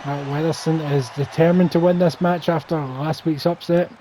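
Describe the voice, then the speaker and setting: A man's voice: a little high, fairly even intonation, moderate pace, warm tone, slight background noise, low-quality recording. A man doing play-by-play commentary over a wrestling video game, with wry, teasing banter.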